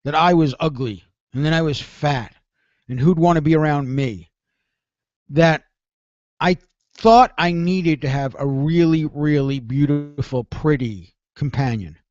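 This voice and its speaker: Man, radio host, high voice, rambling, self-deprecating, dull dry lo-fi sound. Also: measured pace, a little mellow, no echo. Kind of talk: confessional call-in radio monologue.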